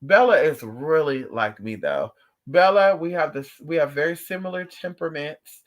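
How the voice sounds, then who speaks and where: A man vlogging in casual livestream chat, telling stories to his viewers in an animated, profane way with playful asides. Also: a little high, moderate pace.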